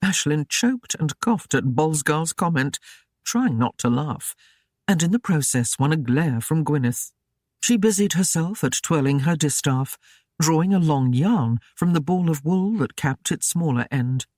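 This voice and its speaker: Audiobook narrator, scripted narration, steady even delivery, mid pitch, close dry studio mic. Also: measured pace, no room sound.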